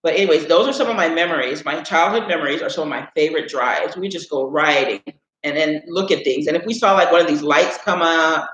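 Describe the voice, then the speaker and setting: A man's voice: on the high side, fairly quick, fairly bright tone. A man from Illinois telling a rambling childhood story on a live stream, often saying "anyways" and "right?". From Illinois, USA. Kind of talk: casual storytelling. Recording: echoey room, dull sound.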